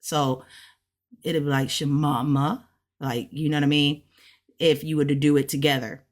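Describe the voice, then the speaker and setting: A woman learning a language who casually walks through her study notes, chatty and relaxed, often checking in with "right?". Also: low-pitched, normal speed. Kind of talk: casual step-by-step explanation.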